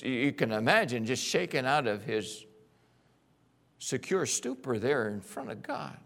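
A man preaching a sermon, telling a story dramatically and swinging between loud bursts and hushed passages. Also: mid-range voice, very animated, a little slow, vocal fry. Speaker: pastor.

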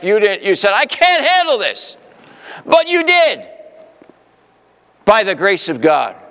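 A man preaching a sermon emphatically, swinging from urgent exhortation to gentle reassurance. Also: a little high, big-room sound. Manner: emphatic, shifting between urgent and soothing. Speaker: pastor.

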